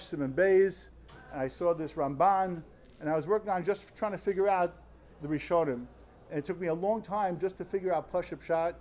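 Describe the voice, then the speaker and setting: A young man in his twenties speaks in a notably high voice as he gives an informal Talmud lecture to fellow students. He talks in an earnest, animated way, as though sharing a personal story. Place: study hall before fellow students.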